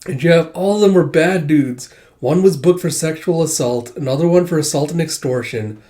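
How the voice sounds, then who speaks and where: A young man casually reading through a manga and commenting, chatty and quick to laugh. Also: a little high, warm tone. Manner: chatty, laughs often, says 'he's like' a lot. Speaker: manga reader. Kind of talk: casual read-along commentary.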